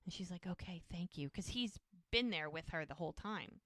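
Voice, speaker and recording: A woman's voice: on the low side, expressive, a little fast, fairly bright tone, no echo, clean studio sound. A woman co-hosting a podcast, casually retelling TV scenes and acting out the characters' lines. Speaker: podcast co-host. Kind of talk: casual recap chat.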